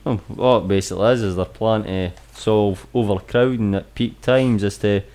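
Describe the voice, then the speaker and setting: A man's voice: fairly low pitch, moderate pace, darkish tone. A man on a podcast, teasing friends and explaining news in a dry manner. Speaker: podcast co-host. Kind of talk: casual banter.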